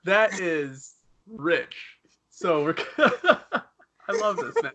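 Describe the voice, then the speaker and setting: A podcast co-host with a bright voice at a middle pitch, bantering loosely. He jokes a lot, laughs easily, and stumbles over quick restarts as he talks. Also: wildly swooping pitch, slight background noise. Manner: joking, laughs often, stammering restarts.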